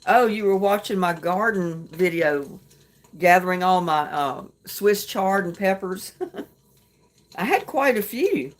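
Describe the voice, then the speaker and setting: Woman host, casual live chat, homey and chatty, slightly low voice. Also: animated, slow pace. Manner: chatty, homey, laughs softly between remarks. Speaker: livestream host.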